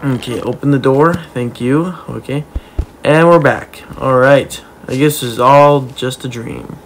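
A man giving playful, excitable commentary as he plays a video game, talking to the characters and cheering his own moves. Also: medium pitch, measured pace, slight background noise. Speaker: gaming YouTuber.

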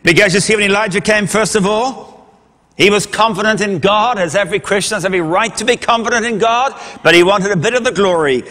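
A male preacher with a high, ringing voice tells a scripture story with dramatic emphasis. His sermon carries a long reverb tail, as if it were recorded in a large hall. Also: fairly quick, sharp tone.

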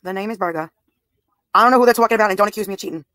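A woman's voice: medium pitch, rapid-fire, a bit bright, no room sound, studio quality. A woman in her thirties livestreaming, talking bluntly and profanely straight to her viewers' comments. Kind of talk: live stream talk to chat.

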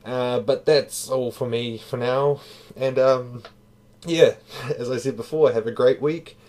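A man's voice: medium pitch, steady tone, slow, darkish tone. A man giving a casual spoken review, tired, talking loosely and profanely with fillers. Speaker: manga reviewer.

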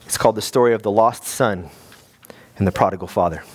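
A man, a guest pastor, preaching a sermon in a lively, conversational way with many restarts. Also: on the low side, fairly quick, slightly rough.

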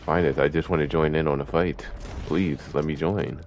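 A man giving live commentary while he plays an online game, talking casual and slangy with sudden excited yelps. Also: extremely low pitch, moderate pace, a little hiss or hum. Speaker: gaming streamer.

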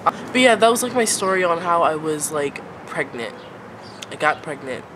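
Animated and low-voiced, a young woman in her late teens tells a storytime vlog at a moderate pace against background noise. She rambles, constantly saying "like" and filling her phrases with "um."

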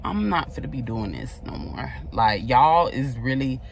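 Woman, mother vlogger, ranting, exasperated, swearing, lively rise and fall, in a car, phone mic. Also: very deep voice, unhurried, gravelly, a little hiss or hum, low-quality recording. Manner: exasperated, profane, venting. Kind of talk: ranting vlog. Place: parked car.

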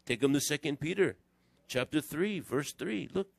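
A man preaching a conversational sermon in church, telling stories in an animated, digressive way. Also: on the high side, moderate pace, gravelly, breathy edge, no room sound. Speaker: pastor.

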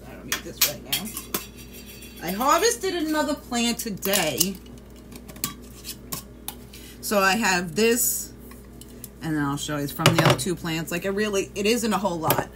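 A woman's voice: medium pitch, big pitch swings, measured pace, pauses often, background noise. A woman chatting casually on a livestream, swearing freely and greeting viewers by name. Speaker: vlogger.

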